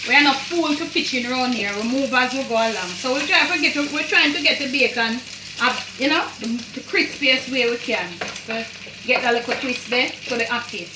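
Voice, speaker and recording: Jamaican lady showing how she cooks at home, higher voice, chatty, slips in creole, bacon sizzling loud behind her. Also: fairly quick, background noise. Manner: chatty, repeats phrases, mixes in Jamaican creole. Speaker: home cook. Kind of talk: casual cooking demonstration. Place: home kitchen. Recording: echoey kitchen, far from mic, sizzling pan. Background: frying and sizzling.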